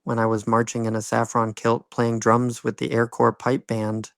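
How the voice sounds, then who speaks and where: A man's voice: mid-range voice, monotone, normal speed, vocal fry, dry recording. A man in his fifties with a Dublin accent, telling his own life story with wry, humorous asides. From Ireland. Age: 50s. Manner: wry, humorous anecdotal delivery. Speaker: school bus driver. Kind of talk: personal storytelling monologue.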